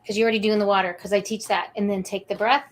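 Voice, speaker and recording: A woman's voice: mid-range voice, level tone, very fast, slight background noise, rough recording. A woman co-hosting a talk show, counseling-minded, speaking emotionally with repeated words and heartfelt emphasis.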